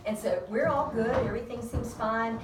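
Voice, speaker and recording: A woman's voice: a little high, normal speed, loud music behind the voice. A woman midwife chattily telling a birth story to colleagues, laughing often as she talks. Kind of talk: casual storytelling at a peer review. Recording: roomy, distant and noisy room recording.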